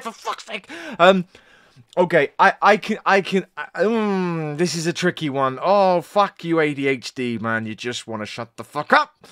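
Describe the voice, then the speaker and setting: A man's voice: a little high, animated, moderate pace, fairly bright tone, dry recording, studio quality. A British man hosting a music reaction channel, talking bluntly in casual commentary and swearing often, with many restarts and asides. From United Kingdom. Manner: blunt and heavily profane, with frequent restarts and asides.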